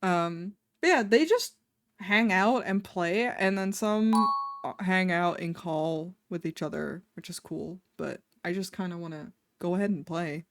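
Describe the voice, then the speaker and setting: A woman's voice: lowish voice, a little slow. A woman streaming casually, chatting with her viewers in a rambling, offhand way and swearing now and then.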